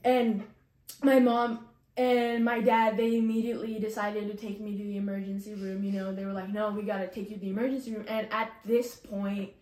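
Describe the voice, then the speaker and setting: A woman's voice: mid-range voice, a little mellow, reverberant. A young woman casually sharing an emotional personal testimony, full of "like" and "you know". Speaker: guest sharing her testimony.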